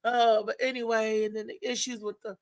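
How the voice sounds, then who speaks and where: A woman hosting a live morning show, chatting in a rambling, animated way, repeating herself and acting out what others said. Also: a little high, a little fast, dry recording. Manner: rambling, animated retelling with many repeats and acted-out quotes. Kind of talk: casual live-stream commentary.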